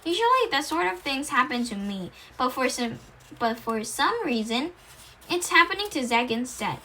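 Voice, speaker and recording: A woman's voice: sits high, big pitch swings, normal speed, sharp tone, slight background noise, exaggerated voice. A woman voicing a dramatic woman medium at a séance who talks in a spooky, theatrical way. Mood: earnest.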